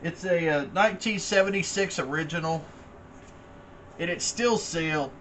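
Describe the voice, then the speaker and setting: A man's voice: a little high, moderate pace, a bit bright, slight background noise. A man vlogging in a rambling, laid-back way, swearing freely as he chats about his finds. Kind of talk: casual rambling chat.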